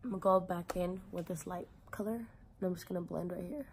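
A woman's voice: on the low side, steady tone, a little fast, slight background noise. A young woman talking casually through a makeup tutorial in a chatty, filler-heavy way, with some swearing. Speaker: beauty vlogger.

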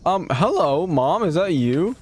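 A man comments on a horror game in a slow, drawn-out way, his pitch leaping up and down as the scares come. He is jumpy and loud-mouthed, swearing at the figures and talking back to the screen. It sounds like a streamer at his desk mic. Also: very animated, slight background noise. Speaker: gaming streamer.

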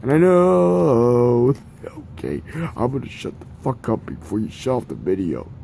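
A young man talks through his collection in a loose vlog, cursing freely and insulting himself in good humor. He speaks at an easy, drawn-out pace, in an ordinary mid-range voice. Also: medium pitch, wildly swooping pitch, creaky, mellow, a little hiss or hum. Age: young adult. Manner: profane, rambling, self-mocking. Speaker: collector showing DVDs. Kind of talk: casual vlog rant.

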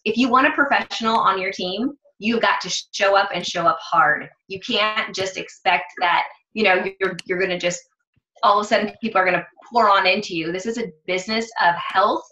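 Chatty woman with a bright, echoey voice. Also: medium pitch, fairly quick, highs cut off, slight background noise. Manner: chatty, animated, acts out quoted dialogue. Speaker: fitness and nutrition coach. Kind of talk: casual storytelling vlog.

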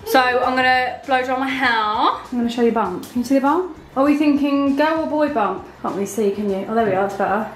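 A woman's voice: sits high, brisk, hardly any pauses. A pregnant woman talking casually to the camera as a vlogger at home, chatty and candid. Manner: chatty and candid, talks to a toddler in between. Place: home, in a kitchen. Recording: echoey room with clear background noise.

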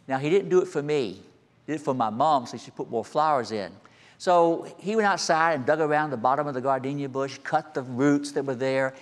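A man in his sixties, a senior pastor, preaching a sermon and telling a childhood story, moving between quiet asides and raised, emphatic calls. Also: fairly high pitch. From American. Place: church sanctuary. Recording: long hall reverb.

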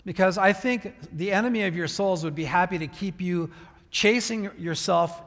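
Pastor, male, higher voice, casual preaching style with restarts, recorded in a long-reverb church hall. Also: moderate pace, a bit bright. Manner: conversational preaching with restarts, acting out prayers. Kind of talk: sermon. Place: church sanctuary.

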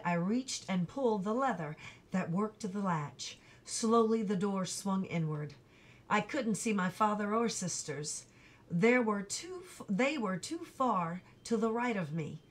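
A woman with a mid-range voice reads a novel chapter aloud, as an audiobook narrator would. Her storytelling is even and unhurried.

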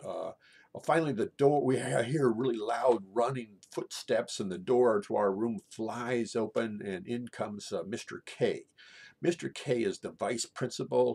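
A middle-aged man telling a true personal story in a halting way, often repeating and restarting his words. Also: medium pitch, creaky, darkish tone, husky.

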